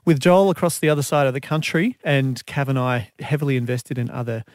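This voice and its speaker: A man's voice: mid-range voice, steady tone, brisk, darkish tone, no echo. Dry-humoured Scottish-born man, dry studio. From Scotland. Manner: laid-back, dry self-mocking humour. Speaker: musician guest. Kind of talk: radio interview. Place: radio studio. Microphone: studio microphone.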